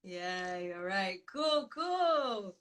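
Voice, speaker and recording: A woman rapper being interviewed over a video call, upbeat and chatty, quick to laugh, in her groggy morning voice. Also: medium pitch, sing-song, background noise. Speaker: rapper guest.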